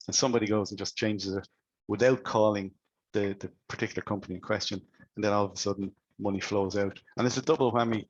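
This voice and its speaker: A man's voice: fairly low pitch, dry recording, highs cut off. A man presenting cybersecurity advice to business owners, speaking conversationally and asking many rhetorical questions.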